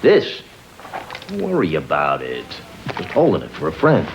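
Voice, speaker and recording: An actor playing a wisecracking, menacing gangster uncle with a New York accent, on a dull old film soundtrack. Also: male voice, extremely low pitch, huge pitch swings, normal speed, vocal fry, noisy background, full character voice. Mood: sly swagger. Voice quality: wisecracking, streetwise bravado. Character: swaggering tough-guy gangster uncle, menacing charm.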